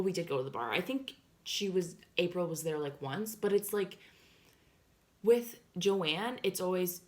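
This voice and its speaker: A young woman vlogger with a lowish voice tells a story at a measured pace in a roomy-sounding space. She's chatty and casual, saying "like" and "um" throughout and acting out what people said in animated voices.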